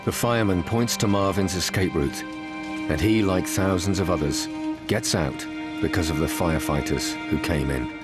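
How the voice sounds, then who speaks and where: A man narrating a documentary in a measured, solemn, scripted delivery. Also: sits low. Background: music.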